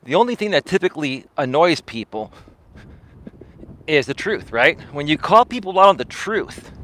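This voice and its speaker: Fairly high-voiced man coaching on a walk. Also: sing-song, normal speed, a bit bright. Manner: conversational and preachy, with frequent rhetorical "right?" tags; talks while walking. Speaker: personal development coach and live-stream host. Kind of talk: casual live-streamed talk while walking. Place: windy outdoor bay-side trail. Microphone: clip-on mic with a foam windscreen near the face.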